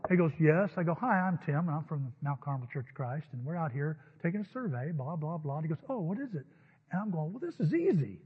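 A man's voice: high-pitched, slightly rough. A man preaching a sermon, telling anecdotes and acting out both sides of conversations. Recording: phone-like audio with long hall reverb.

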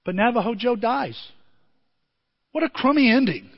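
A man preaching a sermon as pastor, telling a story with animated delivery and bursts of shouting. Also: very high-pitched, moderate pace, long pauses. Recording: dull lo-fi audio in a reverberant hall.

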